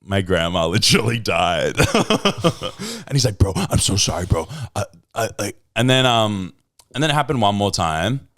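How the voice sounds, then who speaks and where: A man's voice: lowish voice, a little slow. A man, co-hosting a podcast and telling stories in casual chat, acting out quotes in a raised voice. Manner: animated storyteller, acts out quotes in a raised voice. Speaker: podcast co-host.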